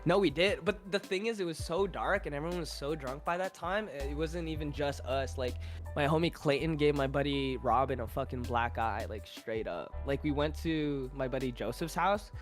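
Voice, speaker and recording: A young man, a podcast guest, tells a wild story in loose, rambling talk, swearing freely and packing every sentence with "like." His voice sits a little high for a man, with faint music underneath. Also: normal speed. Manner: profane, rambling, with filler 'like'. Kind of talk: casual storytelling.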